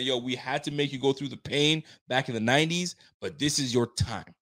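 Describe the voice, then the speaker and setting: A man runs a live stream, going through viewer comments in relaxed, slang-filled fan talk. His mid-range voice moves briskly with hardly any pauses, and he swears a lot as his excitement builds.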